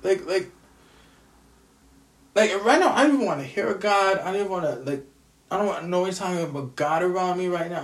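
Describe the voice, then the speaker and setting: Speaking quickly in an expressive mid-range voice, a tired, angry would-be screenwriter vents on camera from home. The solo rant keeps circling back, sour and full of swearing. Echo fills the room because the microphone sits at a distance.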